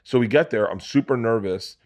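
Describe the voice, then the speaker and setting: A middle-aged man telling a crude, animated story in a casual podcast chat, acting out other people's voices as he goes. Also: mid-range voice, fairly quick. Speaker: podcast guest.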